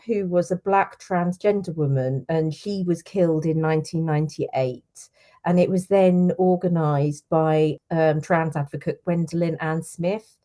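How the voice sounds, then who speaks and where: A woman's voice: on the low side, mellow. A woman, a podcast co-host, presenting a news story in an earnest way. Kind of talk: casual chat and reading news.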